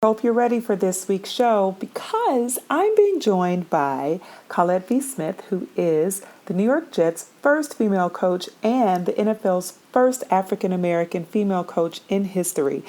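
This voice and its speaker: A woman's voice: mid-range voice, animated, normal speed, hardly any pauses, warm tone. A woman host introducing her podcast episode, speaking directly and persuasively to the listeners.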